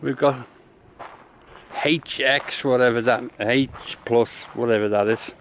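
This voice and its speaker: A man's voice: medium pitch, steady tone, takes it slowly, a bit bright, a little hiss or hum. A man in his fifties bantering dryly on a mountain hike outdoors. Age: 50s. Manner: dry, jokey asides. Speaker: hiking vlogger's partner.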